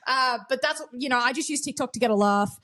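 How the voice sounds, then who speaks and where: A woman's voice: sits high, fast talker, fairly bright tone. A woman in her twenties with an Australian accent, co-hosting a podcast in casual chat, blunt and sweary, laughing often. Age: 20s. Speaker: podcast co-host.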